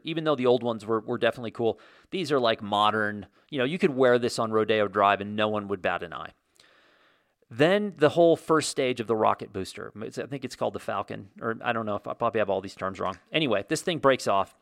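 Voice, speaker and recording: A man in his forties telling a story in a casual monologue, animated and self-deprecating, as host of his own show. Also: on the low side, no room sound, clean studio sound. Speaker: podcast host.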